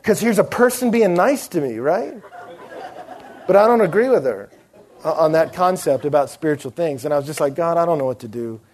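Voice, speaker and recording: Animated young man preaching. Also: a little high, fairly quick. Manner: animated storyteller acting out quoted voices. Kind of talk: sermon with storytelling.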